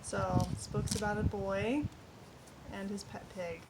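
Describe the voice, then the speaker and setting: A woman author chatting casually and reading aloud her own childhood story, relaxed with small fillers. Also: mid-range voice, unhurried, background noise.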